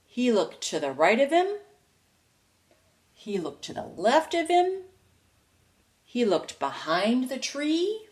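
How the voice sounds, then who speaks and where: A woman teacher reading a storybook aloud to young children, slow and playful with lots of expression. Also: a little high, very animated. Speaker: preschool teacher.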